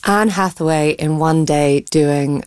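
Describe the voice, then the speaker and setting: A woman critic gives chatty, opinionated takes in an arts radio discussion. Her voice is low, and the studio sound is dry. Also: slow pace, darkish tone, clear, resonant tone, no room sound. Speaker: film critic.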